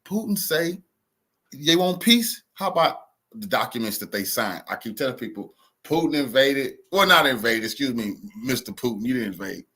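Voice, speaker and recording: Husky ranting male commentator, heated. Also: very animated, normal speed. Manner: heated, emphatic, swings between loud outbursts and low mutters. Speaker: commentator reacting to a clip.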